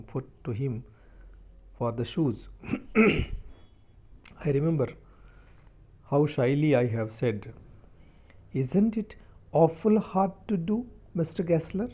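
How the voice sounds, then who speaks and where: Slow, mellow-voiced male teacher explaining a story. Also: mid-range voice. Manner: reads a sentence, then restates it slowly in simpler words; halting, with repeated words and restarts. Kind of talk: reading a story aloud and explaining it line by line.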